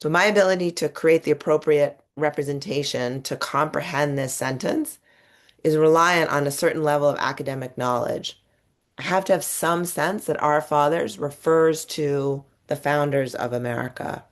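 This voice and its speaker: A woman's voice: deep voice, moderate pace. A woman giving a webinar presentation and explaining her slides step by step, with occasional restarts mid-word. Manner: explanatory, talks through slides. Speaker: webinar presenter on reading instruction.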